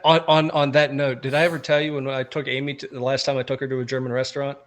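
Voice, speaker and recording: An American podcast co-host chats casually in a bright, forceful, middle-range voice, talking fast. He is an animated storyteller, spinning long tales packed with ranting asides.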